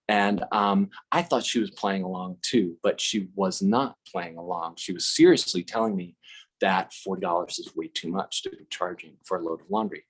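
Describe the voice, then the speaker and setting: A man's voice: lowish voice, unhurried. A man telling a casual, funny story, with lots of fillers and restarts and acted-out dialogue. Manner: animated, acts out dialogue with many fillers and restarts. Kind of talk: casual spoken anecdote.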